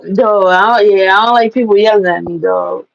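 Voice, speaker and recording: A woman telling animated, profane personal stories to the camera and laughing at them. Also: medium pitch, normal speed, vocal fry, highs cut off. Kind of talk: casual storytelling to camera.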